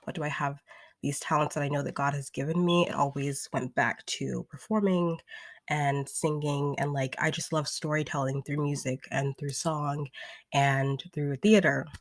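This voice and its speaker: A woman's voice: deep voice, fairly even intonation, normal speed, no room sound. A young woman in her twenties chats casually as a podcast host and vocal coach. She sounds upbeat and talkative and fills her sentences with casual filler words. The sound is close and dry, with no room around her. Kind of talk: casual talk from a replayed live stream.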